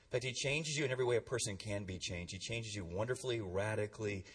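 A man preaching a sermon in a church, energetic and calling on the congregation to respond, heard from a distant mic. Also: lowish voice, quick pace, slightly rough. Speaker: pastor.

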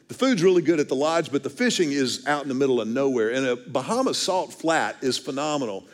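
Animated storytelling preacher, a fairly high-voiced man. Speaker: pastor. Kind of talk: sermon.

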